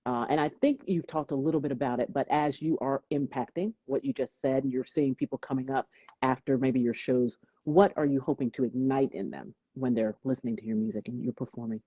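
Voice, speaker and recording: A woman's voice: rumbling low, steady tone, a little fast, husky, no room sound. A woman hosting a podcast who asks interview questions in an affirming way and laughs easily. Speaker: podcast host. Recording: dull, dry lo-fi audio.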